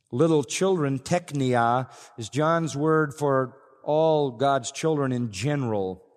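A man preaching an expository sermon, earnest and emphatic, often repeating key phrases. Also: medium pitch. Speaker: pastor. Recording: long reverb of a large hall.

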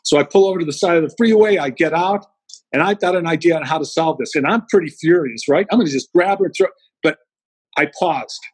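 A middle-aged man, a guest speaker, telling animated anecdotes in an interview and acting out the quotes. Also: a little high, fast talker, husky, dry recording, rough recording. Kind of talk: storytelling in an interview.

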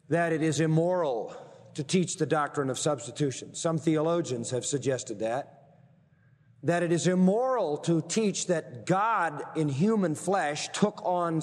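Emphatic preacher in a reverberant hall. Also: male voice, fairly high pitch. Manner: emphatic, slows down to stress key phrases. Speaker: pastor. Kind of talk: sermon.

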